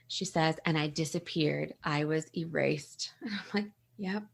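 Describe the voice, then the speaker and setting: A woman's voice: sits low, slow, vocal fry. A young woman hosting a casual book chat, gushing and laughing often as she reads favorite passages aloud. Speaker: book podcast host.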